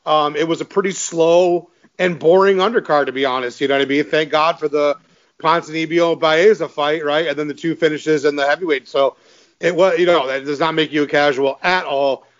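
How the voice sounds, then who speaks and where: Upbeat laughing podcast host, slightly muffled. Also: male voice, on the high side, fairly even intonation, brisk. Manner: enthusiastic, laughing, repeats words. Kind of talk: casual chat.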